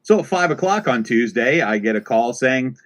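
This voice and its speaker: A man's voice: mid-range voice, animated, normal speed, fairly bright tone. Ranting, profane male podcast host. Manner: ranting, profane, exasperated storytelling. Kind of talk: casual chat.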